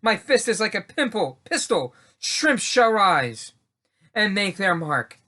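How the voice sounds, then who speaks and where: A man's voice: high voice, very animated, slow pace, pushed and bright, exaggerated voice. A man voicing a timid teenage boy finding his courage in a home reading of a mock-Shakespearean play, delivering earnest, declamatory lines.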